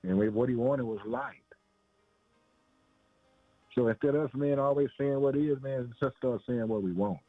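A man's voice: medium pitch, normal speed, long pauses, no echo. Man, informal preacher, repetitive conversational delivery, phone-like audio, no room sound. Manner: repetitive, conversational, calls listener "man" and "boy". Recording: tinny phone-line sound, dry.

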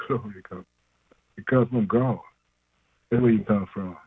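A man's voice: fairly low pitch, moderate pace, husky, no room sound, phone-quality sound. A man preaching an informal sermon, emphatic and slangy, asking questions and answering them himself, chuckling often.

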